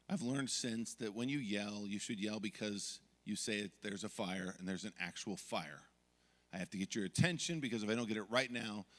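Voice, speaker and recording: A middle-aged man preaching a sermon as pastor, telling stories from family life and acting out yelling moments. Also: lowish voice, big-room sound. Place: church sanctuary.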